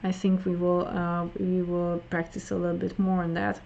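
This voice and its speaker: A woman teaching an online English listening lesson, slow and explanatory, often repeating words for emphasis. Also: lowish voice, completely flat delivery, vocal fry, a little mellow, highs cut off.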